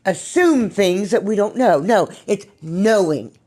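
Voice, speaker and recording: Mellow and expressive, her medium-pitched voice keeps a measured pace as she hosts a podcast about spiritual self-help. She speaks earnestly from her own recovery, plainly and bluntly, sometimes cursing.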